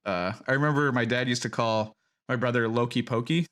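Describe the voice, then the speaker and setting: A man's voice: mid-range voice, a little fast, a bit bright, smooth. A man hosting a fan podcast in casual chat, steering the discussion in an earnest way. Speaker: podcast host.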